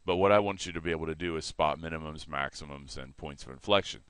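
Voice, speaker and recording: A man teaching a math lesson in a relaxed way, correcting himself and explaining as he sketches on a board. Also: extremely low pitch, fast, smooth, no echo.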